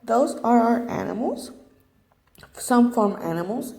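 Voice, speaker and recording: A woman teaching a children's vocabulary lesson, repeating each word slowly and clearly. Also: fairly high pitch, expressive, dark tone, reverberant. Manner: slow and clear, drilling words.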